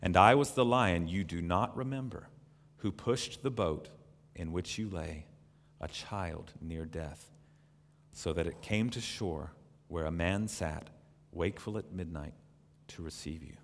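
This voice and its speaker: A man voicing a great, deep-voiced lion who speaks gravely and gently. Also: slight background noise. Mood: solemn. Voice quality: deep and slow, solemn. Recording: long reverb in a large hall.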